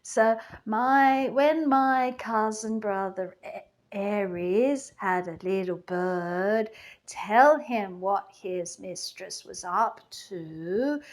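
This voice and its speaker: A woman's voice: mid-range voice, drawn-out words. A woman playing a flippant, gossipy goddess queen of the underworld in a chatty comic monologue full of "like" and "you know".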